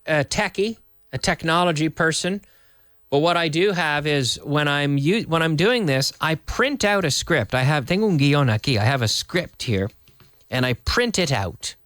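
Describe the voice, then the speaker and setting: A man's voice: a little high, a bit bright, clear, resonant tone, no echo, studio quality. A man with a Canadian accent teaching an English lesson on a live stream. He rephrases and repeats himself as he goes, and drops into Spanish now and then.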